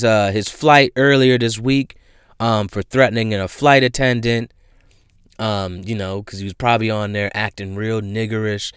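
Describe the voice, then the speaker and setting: A young man hosting casual celebrity news commentary, ranting loudly and in disbelief with street slang and profanity. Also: medium pitch, smooth, no room sound, studio quality. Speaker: host.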